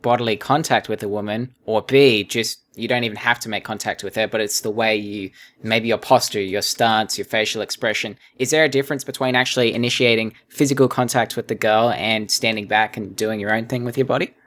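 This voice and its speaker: A man's voice: fairly low pitch, fairly even intonation, brisk, few pauses, a bit bright. A man in his twenties hosting an interview, asking curious, hesitant questions and thinking aloud. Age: 20s. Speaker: interviewer and channel host.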